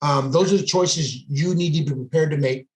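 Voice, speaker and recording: In an echoey room, a police sergeant on a podcast tells a casual story with intensity, voicing the dialogue himself. His pitch is a little high and his delivery brisk.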